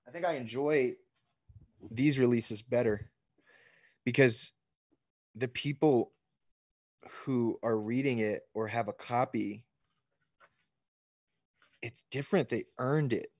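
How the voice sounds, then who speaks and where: A man's voice: medium pitch, slow, long pauses, a little mellow, breathy edge, no echo, dull audio. A man chatting candidly at a book signing, joking and swearing freely while he signs books. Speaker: author answering fan questions. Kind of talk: casual interview chat.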